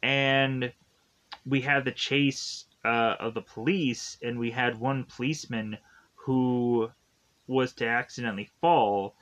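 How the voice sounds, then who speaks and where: A man's voice: mid-range voice, fairly even intonation, slow, a bit bright. A man giving a casual spoken film review, tired and yawning, rambling in a loose and repetitive way. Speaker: movie reviewer.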